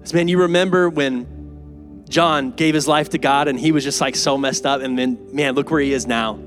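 A pastor preaching an earnest, emphatic and conversational sermon in a church. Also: male voice, medium pitch, fairly even intonation, normal speed, faint music behind. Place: church sanctuary.

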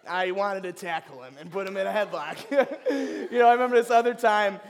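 A young man giving an informal sermon to a ministry gathering, telling personal stories in a chatty, animated way. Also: sits high, fairly quick, vocal fry. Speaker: ministry speaker. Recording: long hall reverb.

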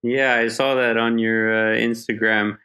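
A man's voice: medium pitch, little pitch movement, measured pace, pushed and bright. A man interviewing a guest in a casual, conversational way, often using "you know" to prompt her.

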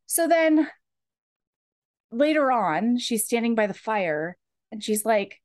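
A woman's voice: fairly high pitch, very animated, slow pace, long pauses. Chatty woman recapping a novel. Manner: chatty, full of "like". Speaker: podcast host. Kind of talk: casual chat recapping a novel.

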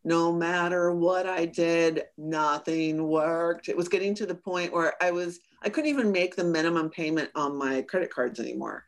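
A woman business coach telling a personal story in a casual interview, animated and often acting out her own remarks with laughs. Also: on the low side, moderate pace, hardly any pauses. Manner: animated, acts out quoted lines with laughs.

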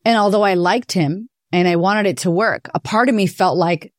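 Woman, podcast host, confessional monologue, blunt and swearing, mid-pitched, dry close sound. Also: normal speed, dry recording. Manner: candid, profane, animated storytelling.

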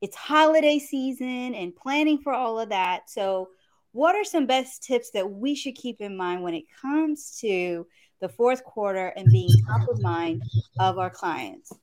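A woman's voice: on the high side, animated, a little slow, darkish tone. A woman hosting a podcast, responding in an encouraging, conversational way and asking her guest questions. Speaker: podcast host. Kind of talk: casual interview chat.

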